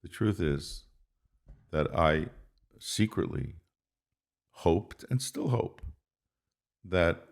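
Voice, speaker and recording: An older man from Queens, New York, talking as a guest in a relaxed interview. His voice is extremely low with a gravelly fry. He speaks reflectively and circles back over words as he thinks. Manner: reflective, repeats words while searching. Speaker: guest, musician and composer. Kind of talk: casual interview.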